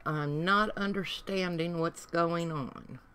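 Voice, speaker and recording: Slow-talking Southern woman, folksy chat. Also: lowish voice, a bit bright, clean tone. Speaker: crafting livestream host. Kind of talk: casual chat while crafting.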